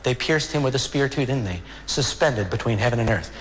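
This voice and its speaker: A man preaching a sermon as a pastor, earnest and emotional, slowing down for dramatic pauses. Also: medium pitch, animated, long reverb tail.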